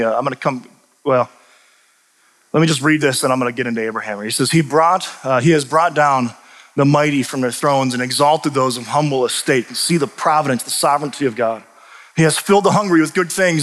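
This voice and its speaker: A man preaching a sermon, animated and emphatic, often restarting his sentences. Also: medium pitch, fairly quick. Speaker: pastor and teacher. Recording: long reverb of a large hall.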